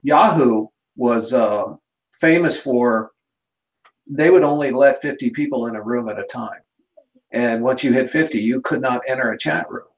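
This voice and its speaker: A man's voice: mid-range voice, normal speed, poor audio. A man joining a live video hangout remotely, explaining things in a matter-of-fact, casual way. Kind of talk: casual chat, explaining tech problems. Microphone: remote video call.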